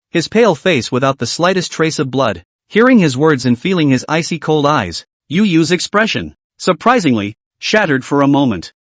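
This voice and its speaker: A man narrating a comic story recap in a steady storytelling way. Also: on the high side, dry recording.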